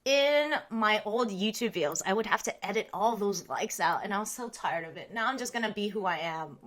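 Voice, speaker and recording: A woman's voice: medium pitch, expressive, a little fast, a bit bright. A young woman from Southern California chatting casually on a livestream, reacting to her chat, saying "like" a lot and laughing often. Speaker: livestream host.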